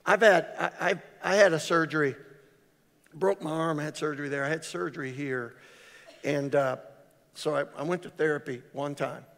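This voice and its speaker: Preaching in a reverberant church sanctuary, an older man speaks at a normal speed in a fairly high voice. As pastor he's an animated storyteller, cracking jokes and performing the voices of characters in his stories.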